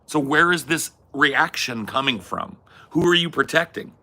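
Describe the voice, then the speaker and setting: A man's voice: a little high, expressive, normal speed, sharp tone. A man hosting a talk podcast, arguing his opinions emphatically with casual swearing. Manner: emphatic, swears, acts out quoted voices. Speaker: podcast host.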